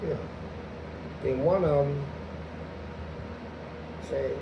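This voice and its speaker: A man guesting on a podcast, telling profane prison stories in an animated way and jumping into loud acted-out quotes. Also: a little high, moderate pace. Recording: echoey room with background noise.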